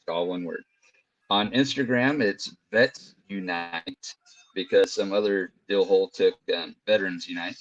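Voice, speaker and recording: A man's voice: fairly low pitch, a bit bright, no echo. A man as a podcast guest, chatting casually and telling laid-back stories over an internet call. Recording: dull lo-fi call audio.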